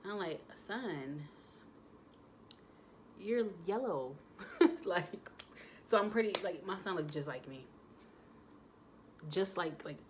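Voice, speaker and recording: A young adult woman, chatting casually to her viewers, animated with lots of fillers. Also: low voice, a little hiss or hum. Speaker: vlogger, new mother.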